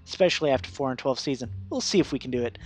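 A man's voice: mid-range voice, expressive, rapid-fire. A man giving casual, profane commentary over a football video game, ranting and laughing as he goes. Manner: ranting, swearing, laughing, mock voices. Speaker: gaming YouTuber.

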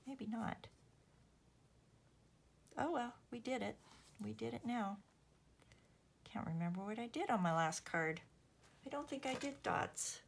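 Here the Canadian crafting-vlog host's voice is a little high and gravelly, somewhat slow, with frequent pauses and slight background noise. She chats casually and self-deprecatingly to viewers while making cards, now and then murmuring under her breath.

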